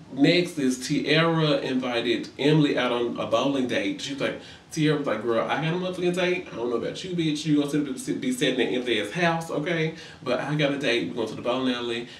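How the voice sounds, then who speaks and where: A man giving a casual comedic recap of reality TV, sassy and profane, acting out the quotes in high voices. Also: a little fast, distant mic, a little hiss or hum. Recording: roomy echo, a bit off-mic.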